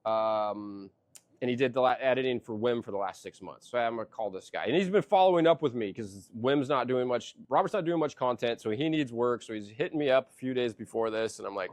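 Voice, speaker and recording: A middle-aged man hosting a podcast, telling a profane, animated story in casual chat. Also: mid-range voice, quick pace, no echo. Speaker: podcast host.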